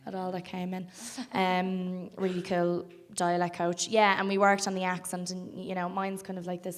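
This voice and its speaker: A woman's voice: on the low side, monotone, normal speed, few pauses. Young Irish woman with a Dublin accent. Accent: Irish, generic Dublin. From Ireland. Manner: chatty, full of ums and laughs. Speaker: film actor guest. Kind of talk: casual panel interview. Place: festival cafe stage.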